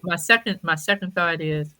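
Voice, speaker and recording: A woman's voice: fairly low pitch, normal speed, sharp tone. A woman co-hosting a podcast, blunt, sassy and dismissive in casual banter. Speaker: podcast co-host.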